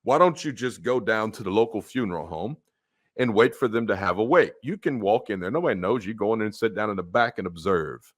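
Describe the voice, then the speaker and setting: A man's voice: animated, fairly quick. Blunt man preaching hellfire. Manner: blunt, mocking, swings from low muttering to loud outbursts. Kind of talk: fiery street-style sermon.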